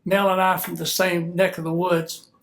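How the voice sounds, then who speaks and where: This older man, a retired military officer from Georgia in the US, speaks with a Southern accent in a voice that sits high, creaky and a bit bright. He gives an easygoing, joking speech at an event at normal speed with a flat delivery, sounding a little stuffy and congested.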